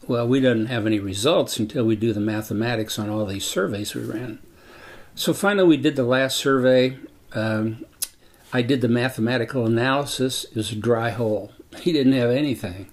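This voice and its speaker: Elderly male storyteller, gravelly, measured reminiscing. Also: medium pitch. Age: 80s. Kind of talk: personal storytelling.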